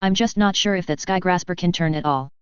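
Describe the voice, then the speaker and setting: A woman doing a disdainful male fighter ace in a storybook reading, flat and grumbling. Her voice is very smooth and somewhat low, the recording dull and dry. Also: fairly quick, dry recording, lightly acted. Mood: deadpan. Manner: deadpan, grumbling.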